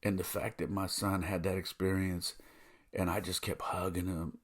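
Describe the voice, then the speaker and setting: A man with a husky, rough-edged voice speaks as a podcast host. He tells a personal story in an earnest, heartfelt way, thinking aloud as he goes. His voice sits fairly low. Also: flat delivery, normal speed.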